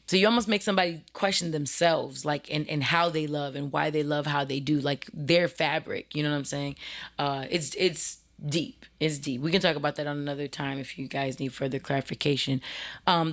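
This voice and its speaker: A woman hosting her own show, telling a story in a blunt, animated, casual way. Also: sits low. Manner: blunt and animated, with frequent restarts. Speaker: host.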